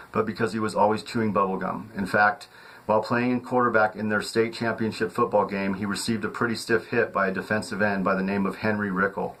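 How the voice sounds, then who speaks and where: Man, fairly low voice, audiobook narration, steady reading, occasional slips and restarts. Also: low-quality recording. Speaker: author reading his own novel.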